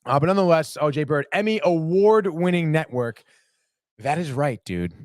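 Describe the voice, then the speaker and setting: A man's voice: a little high, animated, normal speed, no room sound, studio quality. Profane, rambling young man hosting sports. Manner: profane, rambling, heated, says "dude" often. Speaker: sports podcast host. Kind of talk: casual live sports chat.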